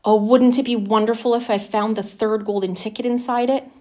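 A woman voicing a hopeful young boy who speaks eagerly and sometimes in a hush. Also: a little high, steady tone, brisk, pitched above the performer's own voice, natural voice.

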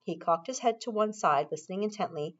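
Casting: expressive woman reading a children's book, lively pitch, lo-fi sound. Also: fairly quick. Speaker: narrator. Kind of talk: storybook reading aloud. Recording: dull lo-fi recording.

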